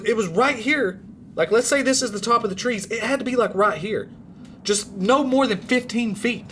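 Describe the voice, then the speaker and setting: A man with a high voice tells a true scary story in a casual, rambling, animated way, raising and dropping his voice to build suspense. There is slight background noise.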